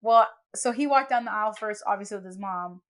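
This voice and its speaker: A woman's voice: medium pitch, fairly quick. A young woman hosting a podcast, telling stories in a casual chat and acting out the people she quotes. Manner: animated storyteller, acts out quotes. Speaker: podcast host. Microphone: podcast microphone.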